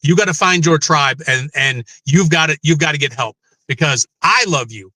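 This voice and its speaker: A middle-aged man with a bright, forceful voice, pitched a bit high, tells his own hard story as an interview guest. He rambles, restarts his sentences and swears freely. The sound is dry and close. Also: normal speed, no room sound. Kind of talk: candid personal interview.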